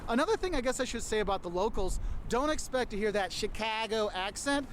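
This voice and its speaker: A man's voice: sits high, lively intonation, brisk, slight background noise. A man talking casually to camera as a travel vlogger, giving chatty, explanatory advice about a city with a light humorous touch.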